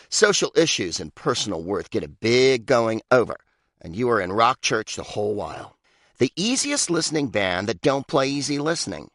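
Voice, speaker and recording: A man's voice: mid-range voice, sing-song, moderate pace, fairly bright tone, dry recording, clean studio sound. Sardonic man reading a comic audiobook. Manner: sardonic, mock-pompous, with big swoops for emphasis. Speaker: comedian reading his own book.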